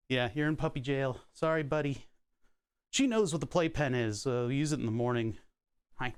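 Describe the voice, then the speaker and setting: A man's voice: lively intonation, normal speed, long pauses, clean tone, no echo. Man chatting to his puppy on stream. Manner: talks to his puppy in a high sing-song baby voice, laughs often. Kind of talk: casual chat. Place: his workshop, indoors.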